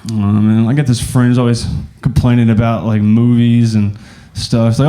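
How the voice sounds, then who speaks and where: A man's voice: mid-range voice, level tone, brisk, few pauses, mellow. A man from Arkansas doing a stand-up comedy set, rambling casually with lots of fillers. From Arkansas, USA.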